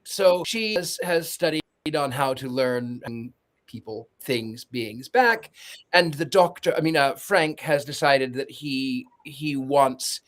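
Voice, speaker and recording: Slow, lively-voiced sarcastic man. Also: medium pitch. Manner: sarcastic, joking. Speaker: podcast panelist. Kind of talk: comedic movie recap.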